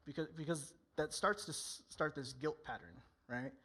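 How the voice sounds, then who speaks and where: A man's voice: fairly high pitch, lively intonation, moderate pace, fairly bright tone, breathy edge. A male pastor preaching a candid, conversational sermon in church, often acting out people's inner voices.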